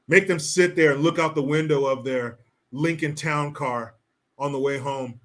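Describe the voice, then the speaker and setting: A man's voice: a little high, a bit bright. Crude, mocking male ranting host. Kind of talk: political commentary livestream.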